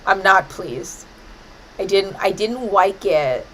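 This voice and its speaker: Woman streamer, mid-pitched, chatty gameplay talk, scolds the game in playful fake outrage. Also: expressive, slow pace, a little hiss or hum, rough recording. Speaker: gaming streamer. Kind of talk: casual gameplay commentary.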